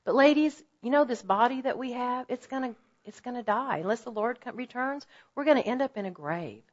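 A woman in her fifties gives an earnest teaching talk to a room of women. She tells stories with lively asides and often pushes her voice up for emphasis. The audio is slightly dull and muffled. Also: fairly high pitch, a little fast. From Oklahoma. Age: 50s. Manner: earnest, animated storytelling with asides. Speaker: women's ministry speaker.

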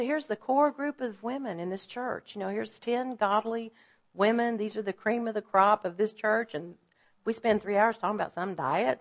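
A woman in her fifties, from Oklahoma, giving a women's ministry teaching talk in an earnest, animated way, with stories and asides. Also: medium pitch. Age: 50s. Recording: slightly dull, muffled audio.

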